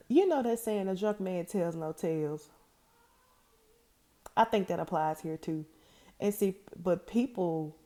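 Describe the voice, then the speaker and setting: A woman with a low, deep-set voice talks through a TV episode in a casual vlog recap. She is chatty and opinionated, pressing her points with emphasis. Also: mellow. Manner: chatty, retells scenes by acting out the characters' lines. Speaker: TV recap vlogger.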